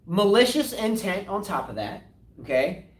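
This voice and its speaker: A man's voice: sits high, normal speed, distant mic. A man co-hosting a live tennis talk show, arguing his points with rhetorical questions. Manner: animated, argumentative, rhetorical questions. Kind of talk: casual live-stream discussion. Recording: echoey room, voice away from mic.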